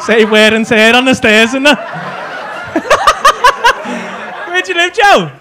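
Man, Liverpool accent, stand-up crowd work, sweary teasing, lively pitch, noisy live club. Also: slow pace. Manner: brash, sweary, teasing banter. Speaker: stand-up comedian. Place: comedy club stage.

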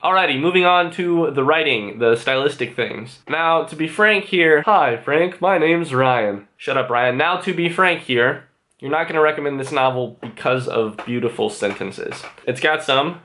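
A young man reviewing a novel to camera in a casual vlog, playful and quick with self-joking asides. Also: mid-range voice, bright, forceful tone. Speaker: book reviewer.

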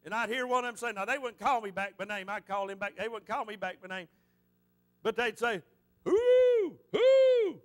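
A male pastor delivering a fervent sermon. His voice is high and bright with a sharp, forceful edge. He repeats phrases for emphasis and tells stories as he preaches. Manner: fervent, repetitive preaching with storytelling.

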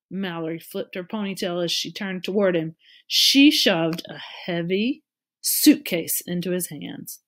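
A woman narrating a storybook aloud in a steady, measured way. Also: on the low side.

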